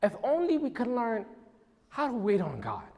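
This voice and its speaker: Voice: medium pitch, wildly swooping pitch, normal speed, dark tone. A speaker giving an earnest, emphatic church history lesson in a church hall. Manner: earnest, emphatic, with some restarts. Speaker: church teacher. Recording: long hall reverb.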